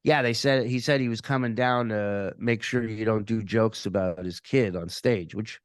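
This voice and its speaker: A man telling a story as a podcast guest, animated and profane, often repeating words as he restarts his sentences. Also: lowish voice, normal speed, clean tone, no echo, studio quality. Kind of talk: casual storytelling.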